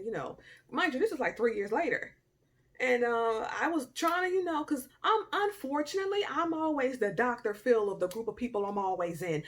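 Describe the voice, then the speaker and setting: A young woman telling a personal story to camera in a casual, animated way, with loud outbursts, quiet murmurs and slangy asides. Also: a little high. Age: young adult. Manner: informal Southern-style slang and asides. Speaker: storytime vlogger.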